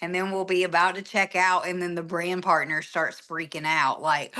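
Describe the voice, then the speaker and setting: A woman coaching a sales team, emphatic and animated, acting out little quoted exchanges. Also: on the low side, moderate pace, hardly any pauses. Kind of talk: enthusiastic coaching talk.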